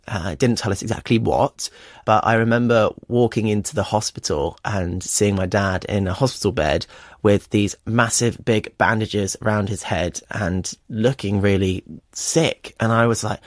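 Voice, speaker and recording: A man's voice: on the low side, normal speed, no room sound. A young man in his twenties from England, a guest telling his story in a radio interview, candid and earnest with many fillers. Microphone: studio microphone. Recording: dry studio sound.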